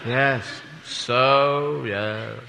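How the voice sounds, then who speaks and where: A man's voice: medium pitch, fairly even intonation, very slow, vocal fry, sharp tone. A British man doing a rambling, absurd stand-up routine, often laughing at his own jokes. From Britain. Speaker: stand-up comedian. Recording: live hall with audience noise.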